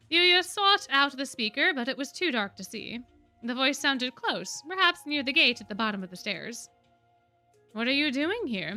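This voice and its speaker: A woman reading a novel aloud on a stream, expressive, often dropping her voice for emphasis. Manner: expressive, with frequent drops in pitch and volume for emphasis.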